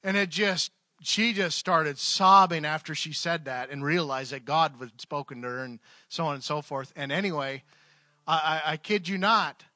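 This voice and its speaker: A man's voice: on the high side, sharp tone, no echo. A man preaching a sermon, telling a story conversationally with fillers, then leading a prayer. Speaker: pastor. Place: church service.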